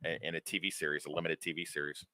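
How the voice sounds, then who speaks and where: A man's voice: a bass voice, flat delivery, very fast, pushed and bright, dry recording. A man co-hosting a casual film podcast, joking bluntly and swearing. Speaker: podcast co-host.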